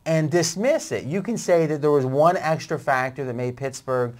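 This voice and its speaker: A man's voice: on the high side, normal speed, darkish tone. A man hosting a sports betting show, pushing back on his guest and arguing his point.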